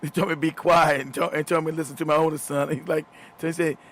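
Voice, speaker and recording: Middle-aged man, show host, high voice, casual storytelling, frequent laughter, profane, stumbling repeats. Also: level tone, fast, few pauses, a bit bright.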